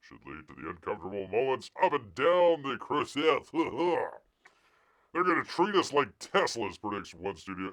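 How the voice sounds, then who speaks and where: Sarcastic man with a lively pitch. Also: a little slow. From United States. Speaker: host of a live news and chat stream. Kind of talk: casual news commentary, reading articles aloud.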